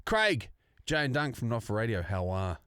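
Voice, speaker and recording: An Australian man co-hosts a casual podcast in a matey, animated voice, laughing and swearing as he goes. The sound is dry and close. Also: mid-range voice, normal speed, clean tone, dry recording. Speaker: podcast co-host.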